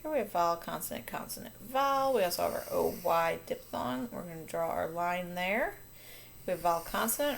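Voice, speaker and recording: A woman's voice: on the low side, vocal fry, slight background noise. A woman teacher walking children through a phonics lesson, upbeat and patient, catching and fixing her own slips. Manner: upbeat, patient, self-correcting.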